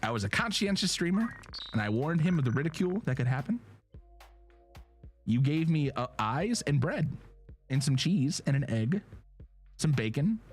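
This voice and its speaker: A man's voice: fairly high pitch, moderate pace, pauses often, faint music behind. A man streaming a game live, chatting casually and jokingly straight to his viewers. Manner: animated, joking, talks straight to chat.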